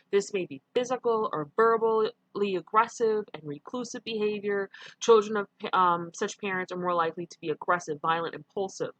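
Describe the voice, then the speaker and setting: A woman's voice: mid-range voice, a bit bright, dry recording. A middle-aged woman, giving a casual lecture and often correcting herself with ums. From New York. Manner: conversational, with frequent ums and self-corrections. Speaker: teacher. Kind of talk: recorded online lecture.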